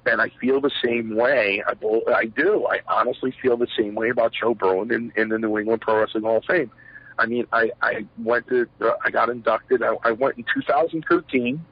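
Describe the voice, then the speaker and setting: Husky former wrestler, rambling storyteller. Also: male voice, medium pitch, fairly even intonation, normal speed. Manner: rambling, many fillers, acts out quotes. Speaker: retired pro wrestler, interview guest. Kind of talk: shoot interview storytelling. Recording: dull lo-fi sound, dry.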